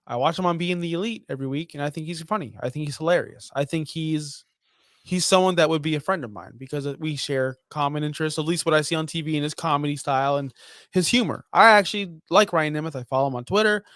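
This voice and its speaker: A man's voice: fairly high pitch, quick pace, fairly bright tone, no echo, clean studio sound. A young man co-hosting a casual wrestling podcast, blunt, profane and full of strong opinions. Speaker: podcast co-host.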